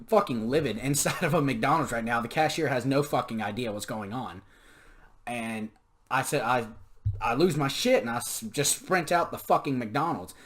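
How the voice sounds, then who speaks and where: A young man telling stories in a casual monologue, profane, sarcastic and ranting. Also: medium pitch. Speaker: podcast storyteller.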